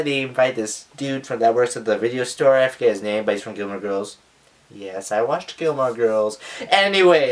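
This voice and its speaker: Rambling jokey teen guy reviewing a movie. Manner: rambling, jokey, hedging with "kind of" and "I guess"; acts out characters in excited high squeals. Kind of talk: casual movie review vlog.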